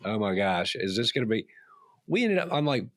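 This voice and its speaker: Friendly podcast host. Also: male voice, lowish voice, very animated, a little fast, no room sound. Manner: friendly, rambling with restarts and laughs. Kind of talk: casual conversation.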